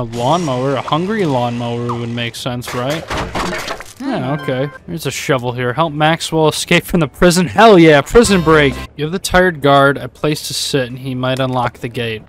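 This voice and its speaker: A man with a slightly raised voice talks through his gameplay in a casual, sarcastic way. He swears a lot and jumps into loud outbursts. Faint game music plays behind him. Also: on the high side. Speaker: let's play gamer.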